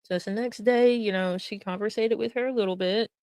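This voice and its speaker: A woman, casually commenting on screenshots with animated, swearing, laughing retellings. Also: medium pitch, brisk, clear, resonant tone, dry recording. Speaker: stream co-host.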